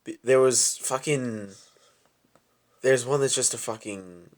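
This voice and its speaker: A young man co-hosting a podcast in casual chat, telling stories haltingly and swearing a lot. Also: mid-range voice. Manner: profane, halting, drawn-out storytelling. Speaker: podcast co-host.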